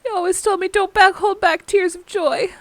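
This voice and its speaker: A woman's voice: very high voice, fairly even intonation, normal speed, pitched above the performer's own voice. A woman voicing an earnest young skeleton man returning home, reading his lines with feeling. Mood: joyful.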